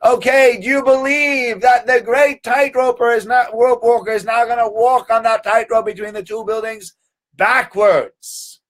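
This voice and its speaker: A man putting on a loud boastful tightrope showman. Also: very high voice, steady tone, a little slow, voice pushed up. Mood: showy. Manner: loud, crowd-rousing.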